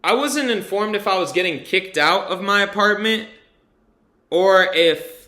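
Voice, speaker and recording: A man's voice: high voice, measured pace, bright, forceful tone, roomy sound. A man rambling candidly through a personal vlog testimonial, full of fillers and casual swearing. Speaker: vlogger giving a testimonial.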